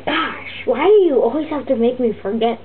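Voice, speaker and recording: A woman voicing a fussy, griping turtle puppet teacher, rambling and halting with many restarts. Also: fairly high pitch, expressive, close to an everyday voice. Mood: grumbling. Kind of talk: comic puppet vlog monologue. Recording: tinny lo-fi phone-like audio with faint hiss.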